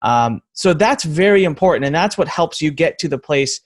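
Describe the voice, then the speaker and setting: A man's voice: a little high, lively intonation, normal speed. A man in his thirties hosting a podcast interview, talking in an easygoing, joking way. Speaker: podcast host.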